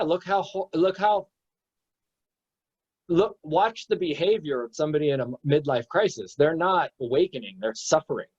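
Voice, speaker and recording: A man at an ordinary middle pitch explains spiritual ideas in a loose, emphatic way, swearing freely and slipping into acted-out examples. His voice comes through a slightly dull, lo-fi stream, the highs rolled off. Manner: emphatic, profane, acts out examples. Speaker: meditation teacher. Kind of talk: casual spiritual discussion. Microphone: internet stream. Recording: dull lo-fi audio.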